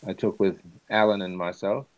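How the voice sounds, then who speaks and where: A man's voice: low-pitched, fairly even intonation, moderate pace, no echo, highs cut off. Chatty man hosting a live video chat. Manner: chatty, laughs through anecdotes. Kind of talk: casual chat, storytelling.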